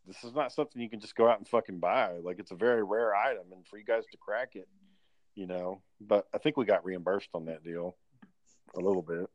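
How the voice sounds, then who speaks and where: A man's voice: fairly low pitch, fairly quick, no echo, dull audio. Swearing man in casual chat. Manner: loose, profane storytelling.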